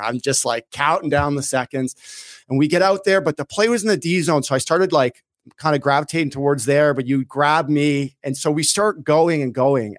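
A man in his thirties, a former pro hockey player and podcast guest, telling a story in a casual, animated way. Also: mid-range voice, dry recording, studio quality. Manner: animated, acts out his own shouts in the story.

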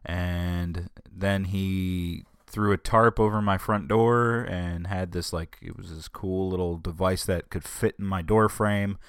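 A man's voice: low-pitched, fairly even intonation, slow pace, few pauses, clean tone, no room sound, clean studio sound. A man hosting his own podcast, talking casually and rambling, griping about his week with wry humor. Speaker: podcast host. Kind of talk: casual solo podcast talk.

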